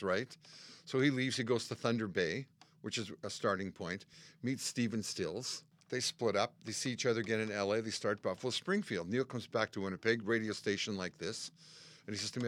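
Older Canadian man telling lively stories. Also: on the low side, fairly quick, dry recording. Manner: animated storyteller, acts out quotes and sings snippets. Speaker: musician guest. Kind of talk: casual storytelling chat. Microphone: studio mic.

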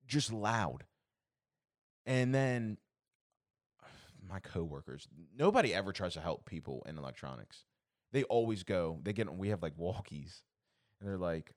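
A young man with a deep, low voice rants through a casual podcast chat, exasperated and swearing freely. The sound is dry and close, with no room around it. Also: very animated, moderate pace, dry recording. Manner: profane, exasperated ranting. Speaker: podcast co-host.

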